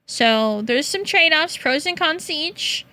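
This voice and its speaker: A young woman streamer with a high, bright voice talks to her viewers at an unhurried pace. She is playful and teasing, laughing often and slipping into high-pitched meows. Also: lively intonation. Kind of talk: casual chat with chat.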